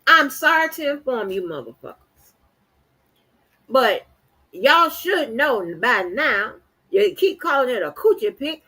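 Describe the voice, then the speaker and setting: Husky, high-voiced woman ranting profanely. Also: sing-song, bright, forceful tone. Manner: profane, blunt and defiant; halting, repeats words. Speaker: channel host. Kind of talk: livestream rant.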